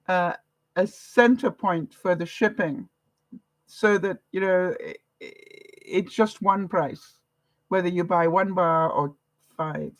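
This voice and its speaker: A woman's voice: on the low side, no room sound, rough recording. An older woman from Canada chatting casually with viewers, retelling conversations and laughing often. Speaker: vlogger. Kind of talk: casual livestream chat.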